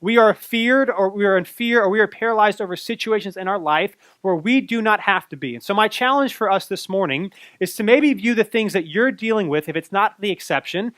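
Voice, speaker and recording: A pastor from North Carolina in his thirties, with a bright, high voice, preaches a sermon built around a personal story. He talks a little fast with hardly any pauses, narrating animatedly and acting out his own fright, recorded close and dry with no room echo.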